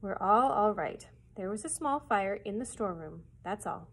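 A weary storybook father, dry and exasperated, flat and matter-of-fact, voiced by a woman reading aloud. His tone is slightly husky. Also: mid-range voice, moderate pace.

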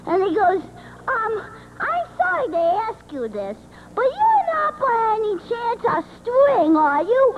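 A very high, squeaky male Muppet rattles off shaggy-dog jokes in a chatty, rambling way, checking "right?" after every beat. The audio is dull and lo-fi, like an old 1980s camcorder, with a faint hiss underneath. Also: wildly swooping pitch, a little slow, full character voice. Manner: rambling joke-telling, ends lines with "right?". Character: high-voiced male Muppet monster, a chatty joke-teller. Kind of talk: live puppet stand-up at a party.

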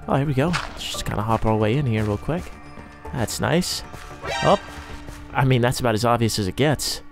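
A man's voice: medium pitch, normal speed, music in the background. A young man narrating his own game role-play in a sarcastic, self-mocking running commentary. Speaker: role-play gaming creator.

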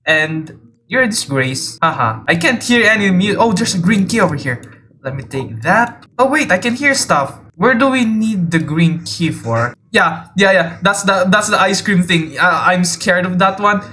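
A man giving jumpy, excitable gameplay commentary, teasing other players and often yelping and laughing. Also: high-pitched, moderate pace, slight background noise. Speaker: video game player. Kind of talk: let's play gameplay commentary.

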